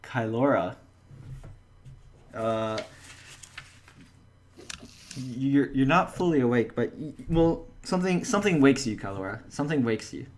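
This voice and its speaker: A man narrating as game master, in a halting way with frequent restarts. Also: medium pitch, animated, darkish tone, slight background noise.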